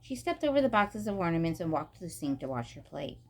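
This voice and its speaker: A woman reading a children's chapter book aloud, with steady, expressive narration. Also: fairly low pitch, fast talker. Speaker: storybook reader.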